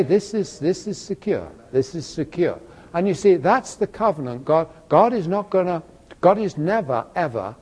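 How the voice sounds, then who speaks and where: A man lecturing a class, telling an illustration in an animated, conversational way, with asides to his students. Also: medium pitch, breathy edge. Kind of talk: classroom teaching with an extended illustration.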